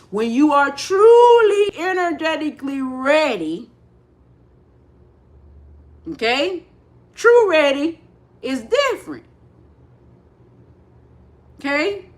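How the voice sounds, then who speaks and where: High-voiced animated woman on livestream. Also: slow, long pauses. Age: middle-aged. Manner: animated, repeats phrases, acts out quoted voices. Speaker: spiritual livestream host. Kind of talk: casual livestream talk.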